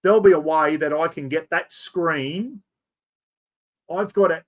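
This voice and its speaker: High-voiced Australian man chatting live. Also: measured pace. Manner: chatty, self-mocking, talks to viewers while fumbling with software. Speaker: livestream host. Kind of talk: casual live stream chat.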